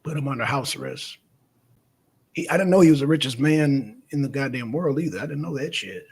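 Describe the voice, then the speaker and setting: A man hosting a casual news chat, animated and teasing, swearing freely. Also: mid-range voice, a little fast, gravelly, a crowd in the background. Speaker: show host.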